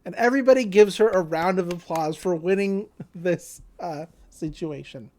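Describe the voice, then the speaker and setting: A podcast co-host with a lowish voice casually recaps an anime episode at normal speed. She keeps it lively, laughing often and acting out the characters' lines.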